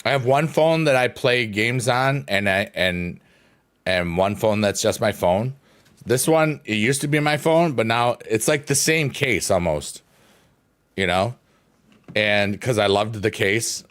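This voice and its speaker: A man's voice: fairly low pitch, expressive, measured pace, a bit bright. A man chatting casually while playing a mobile game, rambling and goofy, now and then breaking into silly sing-song. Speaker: gaming streamer.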